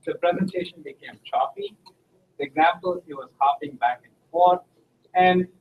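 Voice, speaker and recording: A man's voice: a little high, far from the mic. A man in a class sharing an example, with some hesitation. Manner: hesitant, anecdotal. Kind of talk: classroom discussion. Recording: phone-like sound from afar with faint noise.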